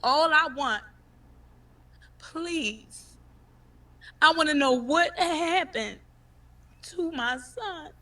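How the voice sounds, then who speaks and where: A grieving woman gives emotional livestream testimony with a high, bright voice. She talks in an impassioned, emphatic way and repeats her words for force. She sits away from the phone mic, so she sounds distant. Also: animated, drawn-out words, pauses often. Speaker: grieving mother of the deceased.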